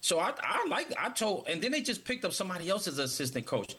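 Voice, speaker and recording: An emphatic man talking sports in a loose, casual way, often stacking repeated words at the start of his points. His voice is bright and forceful with a husky edge, and it sits slightly higher than most men's. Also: very animated, fast talker. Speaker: sports talk co-host.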